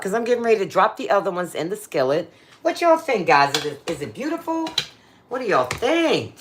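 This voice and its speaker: A woman's voice: mid-range voice, big pitch swings, normal speed, fairly bright tone, slight background noise. A woman hosting a casual cooking livestream from her kitchen, chatting playfully with viewers and using slang.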